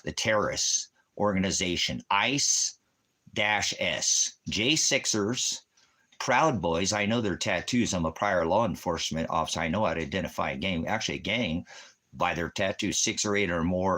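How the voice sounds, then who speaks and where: A man's voice: low-pitched, sharp tone. A man preaching on a livestream, ranting and mocking commenters in a combative, profane way.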